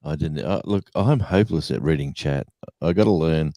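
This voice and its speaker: A man's voice: very deep voice, normal speed, warm tone, no echo, studio quality. An Australian man from Tasmania co-hosting a live stream with easygoing banter. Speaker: co-host. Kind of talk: casual live-stream chat.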